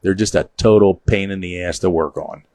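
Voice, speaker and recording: Low-voiced man hosting a studio chat. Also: steady tone, a little fast, darkish tone, no room sound. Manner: storytelling, joking, reads viewer comments aloud. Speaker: show host. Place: small studio.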